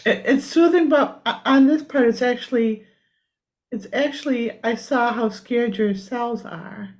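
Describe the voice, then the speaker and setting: A woman energy healer leading a private session, singing simple repeated lines softly and chatting between them. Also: fairly high pitch, measured pace. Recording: dull lo-fi audio.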